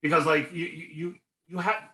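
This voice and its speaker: A man's voice: on the high side, steady tone, quick pace, sharp tone. A man co-hosting a podcast, talking loosely with many fillers in casual chat. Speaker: co-host. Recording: echoey room.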